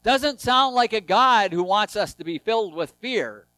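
High-voiced man preaching a sermon. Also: animated, measured pace, no echo, faint music behind, low-quality recording. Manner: emphatic, swings from raised to hushed voice. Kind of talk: sermon with scripture reading.

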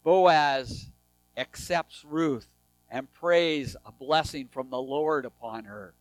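A man preaching a sermon, reading scripture aloud, swinging between raised emphasis and hushed, tender lines. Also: medium pitch, takes it slowly, dry recording, soft background music, low-quality recording.

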